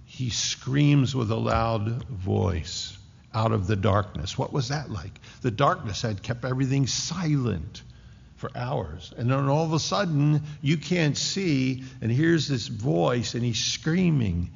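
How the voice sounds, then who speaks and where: Gravelly-voiced man preaching in a hall. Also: mid-range voice, expressive, takes it slowly. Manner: dramatic, swings from loud to hushed. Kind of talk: sermon. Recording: dull lo-fi recording in a reverberant hall.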